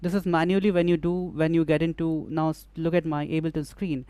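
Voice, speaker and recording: A man's voice: on the high side, little pitch movement, a little fast, mellow, clean tone, no room sound. A man demonstrating music production gear in a tutorial, explaining step by step and often repeating phrases as he works. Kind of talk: hands-on software tutorial.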